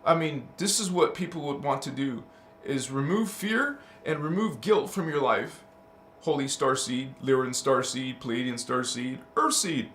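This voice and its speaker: A man's voice: mid-range voice, animated, unhurried, a bit bright, slight background noise. A man hosting a casual spiritual livestream, talking emphatically, calling listeners honey and baby, laughing often and reading out chat. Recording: roomy echo.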